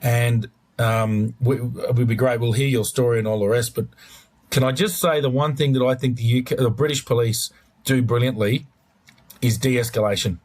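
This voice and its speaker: A man's voice: medium pitch, steady tone, normal speed, a little mellow. A man co-hosting an interview podcast, chatting in a rambling, enthusiastic way with lots of restarts. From Australia. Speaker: podcast co-host. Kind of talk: casual interview chat.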